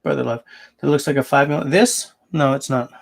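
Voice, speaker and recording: A man's voice: mid-range voice, normal speed, creaky. A man hosting a casual livestream, answering viewers and thinking aloud as he rambles. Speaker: livestream host.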